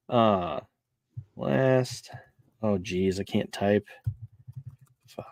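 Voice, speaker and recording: A man's voice: lowish voice, drawn-out words, vocal fry, pauses often, a little mellow, no echo. A man chatting casually from his desk, taking his time with every sentence and wandering through fillers and restarts. His voice sits mid-range and sounds close and dry, and he laughs easily between thoughts. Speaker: podcast co-host. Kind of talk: casual chat.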